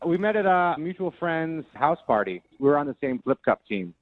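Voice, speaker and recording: A man's voice: fairly high pitch, very animated, moderate pace. A man in his late twenties calling in to a radio show, telling his story in a sheepish, rambling way. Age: 20s. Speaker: caller. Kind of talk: phone call to a radio show. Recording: tinny phone line.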